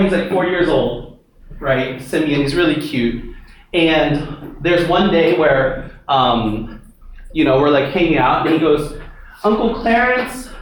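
A man giving a casual, conversational sermon, often laughing, then dropping to a soft, intimate tone. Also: on the high side, a little hiss or hum. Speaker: pastor. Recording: very echoey hall, from far off.

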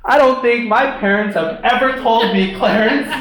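A man giving a casual, conversational sermon, often laughing, then dropping to a soft, intimate tone. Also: very high-pitched, moderate pace. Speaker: pastor. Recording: very echoey hall, from far off.

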